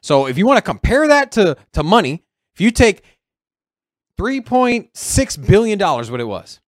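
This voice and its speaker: A man co-hosting a podcast in casual chat, animated and acting out other people's lines as he tells a story. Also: high-pitched, normal speed, no room sound, clean studio sound. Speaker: podcast co-host.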